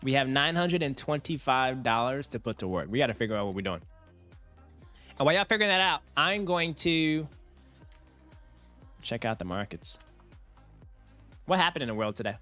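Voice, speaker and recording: A man's voice: mid-range voice, a little fast, long pauses, soft background music. A young man hosting a finance livestream, chatting casually with his viewers and laughing often. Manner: animated, chatty, talks to chat, laughs often.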